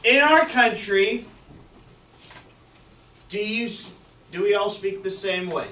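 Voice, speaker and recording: A man's voice: sits high, expressive, takes it slowly, pushed and bright. A male teacher, leading a classroom lesson by asking the class questions and repeating their answers. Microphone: far camera. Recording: echoey classroom from far off.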